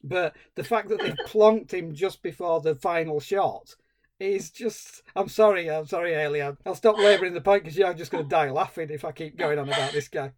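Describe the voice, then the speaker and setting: A man's voice: a little high, moderate pace. Sweary man, ranting podcast co-host. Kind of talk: casual chat.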